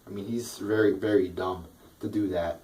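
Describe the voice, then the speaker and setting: A man rants about politics in a heated, profane way. He keeps stumbling into stammering restarts. His voice sits low, and he is recorded from a short distance off the mic. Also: fairly even intonation, moderate pace, warm tone, slight background noise. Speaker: political vlogger. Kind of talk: angry political rant.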